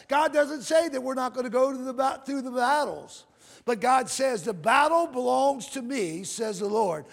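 A male preacher with a strikingly high, gravelly voice delivers a fervent sermon, stretching scripture lines out slowly and calling out to his congregation. the sound carries a long reverb from a church sanctuary. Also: animated. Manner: fervent, calls to the congregation, reads scripture in slow drawn-out cadence. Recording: long reverb of a large hall.

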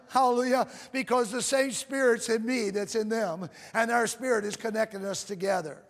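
A man preaching a sermon, calling out to the congregation and reading scripture in a slow, drawn-out cadence. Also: very high voice, fairly even intonation. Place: church sanctuary. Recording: long reverb of a large hall.

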